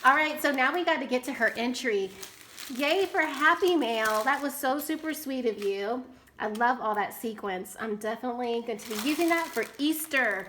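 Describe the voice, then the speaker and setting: A woman with a somewhat high voice talks casually to her viewers as she unboxes craft supplies. She gushes over each item with delighted exclamations. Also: noisy background. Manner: gushing and enthusiastic, many delighted exclamations. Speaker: crafting YouTuber opening happy mail.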